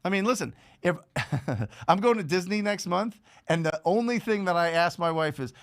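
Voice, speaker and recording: A man hosting a live show, giving an energetic, repetitive motivational talk full of rhetorical questions. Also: high-pitched, normal speed. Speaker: host.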